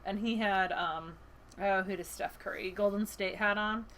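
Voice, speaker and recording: A woman co-hosting a casual chat show, an animated storyteller who laughs often and acts out the lines she quotes. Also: medium pitch, moderate pace, slight background noise. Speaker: podcast co-host, school librarian.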